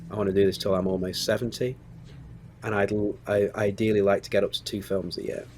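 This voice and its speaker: Hesitant Stoke-on-Trent man, lowish voice. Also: flat delivery, brisk, a little mellow, slight background noise. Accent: Stoke-on-Trent English. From England. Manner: reflective, hesitant with many restarts and ums. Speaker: screenwriter and producer guest. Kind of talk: candid interview conversation.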